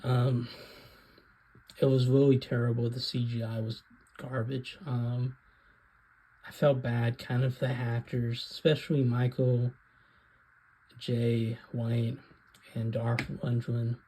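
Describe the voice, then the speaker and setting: A man's voice: medium pitch, little pitch movement, slow, long pauses, warm tone, breathy edge, rough recording. A man hosting his own video, giving a casual, rambling rant about films with frequent hesitations. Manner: rambling, hesitant, many ums. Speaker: video host.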